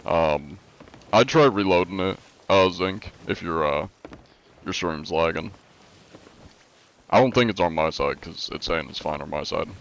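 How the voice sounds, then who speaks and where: A young man with a very low, stuffy voice talks to his stream in a relaxed, meandering way. His nose is congested, and the sound is a bit dull and lo-fi. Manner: laid-back, rambling, answers chat between thoughts. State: congested from allergies. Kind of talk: casual live-stream chat.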